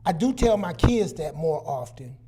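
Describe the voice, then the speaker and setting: A man in his sixties telling personal stories on a talk show, animated and casual, acting out quoted dialogue. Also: fairly high pitch, moderate pace, husky. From Southern US. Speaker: guest psychologist.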